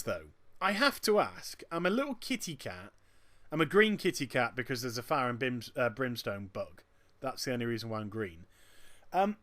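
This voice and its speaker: A man giving chatty, joking commentary over a video game. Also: medium pitch. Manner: animated and chatty, with quick jokes. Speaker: gameplay commentator. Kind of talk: gameplay commentary.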